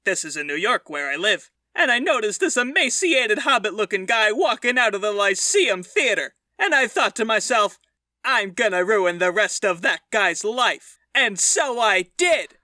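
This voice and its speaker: Smug mocking comedian guy done by a man, calm and pleased with himself, bright tone, dry close sound. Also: high voice, moderate pace, no room sound, heavily acted. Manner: calm, mocking, self-satisfied. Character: smug male comedian taunting a fan from his TV special.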